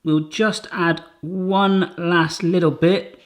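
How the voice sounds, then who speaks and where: A man's voice: a little high, expressive, brisk. A man hosting a casual cooking demonstration in a home kitchen, chatty and jokey, with rambling asides. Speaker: cooking channel host.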